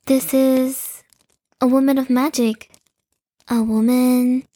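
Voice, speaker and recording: A woman's voice: high voice, little pitch movement, slow, dark tone. Woman voicing a gracious elder dragon spirit. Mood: tender.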